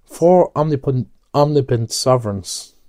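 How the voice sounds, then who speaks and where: A man reading aloud and voicing a boisterous, mocking young man with a loud, theatrical delivery. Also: mid-range voice, lively intonation, moderate pace, no room sound, studio quality, natural voice.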